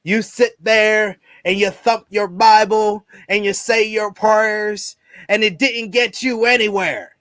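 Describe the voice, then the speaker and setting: A man doing a gruff Southern male wrestler who cuts a boastful, threatening promo in a put-on drawl. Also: high voice, fairly even intonation, fairly bright tone, dry recording, clean studio sound. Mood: menacing. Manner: growling threats, drawn-out boasts.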